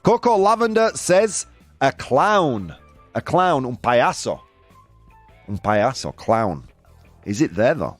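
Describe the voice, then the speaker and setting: A man's voice: mid-range voice, very animated, takes it slowly, pauses often, faint music behind. A man hosting a live quiz game with his audience, reading out their answers in a playful way and laughing often. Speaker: host. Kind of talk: live-stream game show with chat.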